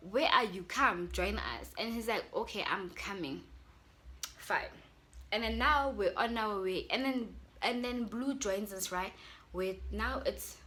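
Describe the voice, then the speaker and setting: A young South African YouTuber with an accent animatedly chats to her viewers while telling a casual storytime. Her voice is medium in pitch with a fairly bright tone.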